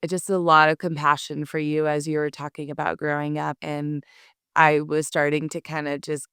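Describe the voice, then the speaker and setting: A woman therapist, a podcast guest, explaining in a reflective, warm-hearted way in casual conversation. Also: low-pitched, little pitch movement, moderate pace, smooth, dry recording, studio quality.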